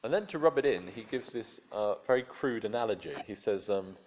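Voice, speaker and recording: A man preaching a sermon in a relaxed, wry, conversational way, with frequent fillers and restarts. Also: on the low side, fairly quick, lo-fi sound, slight background noise.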